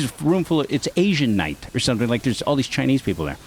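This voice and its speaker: Animated, profane man telling stories. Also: medium pitch, fast. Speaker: comedian guest. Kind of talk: casual podcast storytelling.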